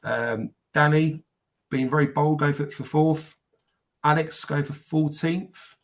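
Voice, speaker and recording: A man's voice: fairly high pitch, steady tone, slow. Man, podcast host, casual rambling chat, swears, reads comments aloud. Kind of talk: casual live-stream chat.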